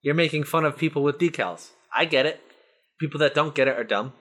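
A man's voice: a little high, fairly quick. A man in casual podcast chat, telling stories with energy and swearing freely. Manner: animated storyteller, swears freely.

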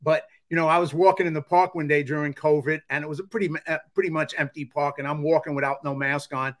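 Calm-spoken male podcast host. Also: fairly high pitch, fast talker. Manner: calm, conversational storyteller. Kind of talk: casual interview talk.

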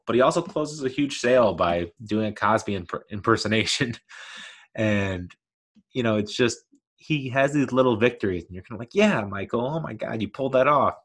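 Rambling man chatting about a sitcom. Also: fairly low pitch. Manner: rambling, self-correcting, chuckles often. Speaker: video essay host. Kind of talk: casual commentary.

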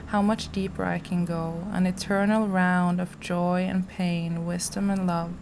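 A woman reading aloud from her personal journal, soft and slow, sometimes dropping to a whisper. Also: lowish voice, gravelly, a little hiss or hum. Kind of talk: intimate journal reading, poetry-like.

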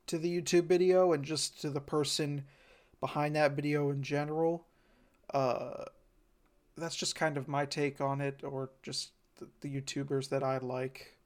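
A man co-hosting a podcast, chatting casually and enthusiastically, often repeating a word as he restarts a sentence. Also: fairly high pitch. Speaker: podcast co-host. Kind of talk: casual chat.

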